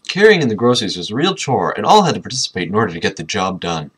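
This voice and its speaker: A man's voice: medium pitch, big pitch swings, a little fast, hardly any pauses, a bit bright. A man reading a book aloud and breaking off into sarcastic, mocking commentary between passages. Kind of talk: casual dramatic reading with commentary.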